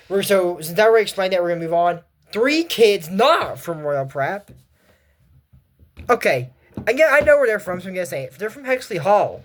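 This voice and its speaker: Rambling casual cartoon recapper. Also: medium pitch. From United States. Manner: rambling with tangents, acts out characters' lines with animated shifts. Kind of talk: casual retelling of a cartoon episode.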